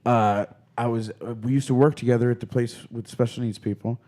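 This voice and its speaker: A man co-hosting a podcast, telling stories in loud, laughing, profane casual banter. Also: medium pitch, fairly even intonation, brisk. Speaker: podcast co-host.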